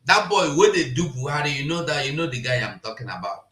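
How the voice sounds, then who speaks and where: Animated Nigerian man, echoey room. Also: fairly high pitch, quick pace, hardly any pauses. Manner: laughs while talking, switches into Pidgin. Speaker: political commentator. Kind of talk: impassioned political commentary. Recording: roomy echo.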